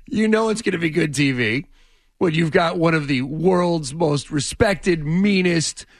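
Animated male sports radio host. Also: fairly high pitch, unhurried, no echo. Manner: animated, rambling.

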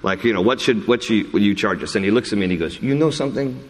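A man, a pastor, talking in a conversational, self-deprecating way during a sermon question-and-answer session, animated when he tells stories. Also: lowish voice, fast. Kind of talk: sermon Q&A with congregation. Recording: long hall reverb.

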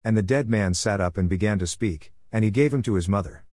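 Male scripture reader, low voice, measured delivery, dry close sound. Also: a little mellow, dry recording. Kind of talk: scripted Bible reading.

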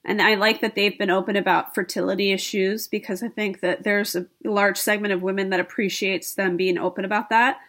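A woman in casual chat about a reality show, measured and opinionated. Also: medium pitch, level tone, fairly bright tone.

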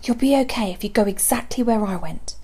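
A woman reading a storybook, voicing a determined young woman in an urgent hushed whisper. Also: a little high, brisk, breathy edge.

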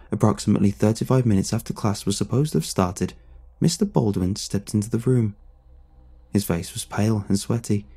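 A man narrating a first-person story in a measured, somber way. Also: fairly low pitch, dark tone, slightly rough.

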